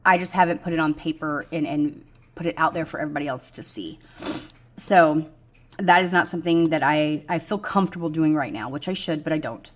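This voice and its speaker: A woman's voice: low-pitched, fairly quick. A middle-aged woman, chatting frankly about her budget goals, rambling with many ums and poking fun at herself. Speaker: budgeting vlogger. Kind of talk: casual chat to camera.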